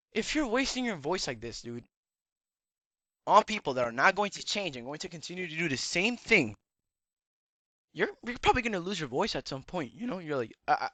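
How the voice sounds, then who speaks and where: Man, lecturing casual commentary, rambling, slightly worn cracking voice, very animated pitch. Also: dry recording. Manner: rambling and lecturing, keeps tagging "all right?". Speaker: YouTube commentator.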